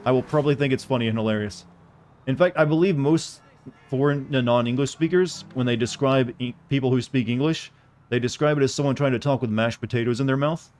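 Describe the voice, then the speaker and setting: A man's voice: medium pitch, a little mellow. A man streaming a game, chatting casually and answering viewers' questions in a rambling, joking way. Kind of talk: casual gameplay commentary.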